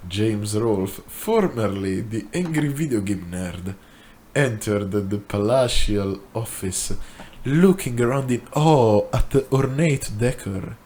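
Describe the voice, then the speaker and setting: A man reading a comedic fan story aloud in a deadpan way, with ad-libbed asides. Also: on the low side, takes it slowly. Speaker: story reader.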